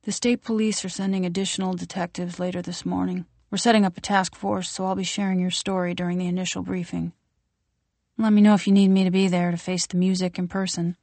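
A woman's voice: on the low side, little pitch movement, fast, darkish tone, no room sound, close to an everyday voice. A woman reading aloud, voicing a composed, guarded congresswoman who speaks in a curt, controlled way.

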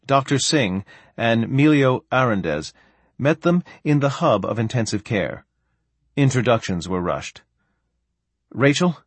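A man narrating an audiobook in an expressive, varied delivery. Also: medium pitch, a little slow, husky, no echo. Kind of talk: scripted narration.

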